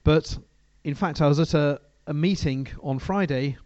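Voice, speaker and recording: Guy giving a sermon in church, mellow voice, dry and a bit lo-fi, keeps restarting his sentences. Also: a little high, normal speed, no room sound. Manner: conversational, hesitant, frequent restarts. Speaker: preacher. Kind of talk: sermon with bible reading.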